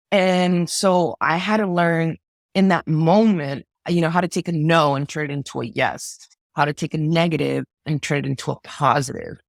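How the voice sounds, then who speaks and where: A woman's voice: fairly low pitch, no room sound, clean studio sound. A middle-aged woman conductor from Los Angeles, a podcast guest telling a story emphatically, often repeating and stumbling over words. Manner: emphatic, repeats words and stammers when moved. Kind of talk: casual interview storytelling.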